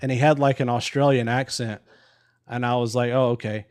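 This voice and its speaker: A man's voice: medium pitch, fairly even intonation, brisk, a little mellow, clean tone. A married man hosting a live stream, telling a story casually with swearing and laughs. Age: adult with a wife. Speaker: livestream host. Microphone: live stream microphone.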